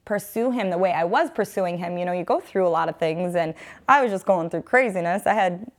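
A woman's voice: fairly low pitch, fairly quick. A woman in her thirties from upstate New York, telling her faith story as an interview guest, earnest and rambling with many fillers and restarts. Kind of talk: personal faith testimony in conversation.

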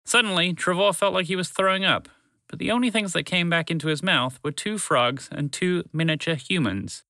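A man narrating a children's story to listeners in a gentle, unhurried, expressive way. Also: fairly high pitch, creaky, no room sound.

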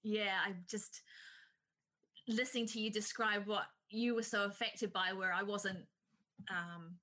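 Bright-voiced New woman host. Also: medium pitch, fairly even intonation, measured pace. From New Zealand. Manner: warm-hearted, reflective, with hesitant fillers. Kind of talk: conversational interview.

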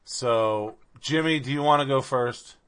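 A man hosting a casual podcast, calmly running the segment and laughing along. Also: medium pitch, unhurried, smooth. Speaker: podcast host. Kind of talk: casual chat.

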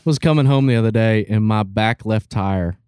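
A man, the podcast's producer, telling a story in a laid-back, halting way with chuckles. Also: on the low side, a little mellow, smooth, no room sound, clean studio sound. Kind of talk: casual storytelling.

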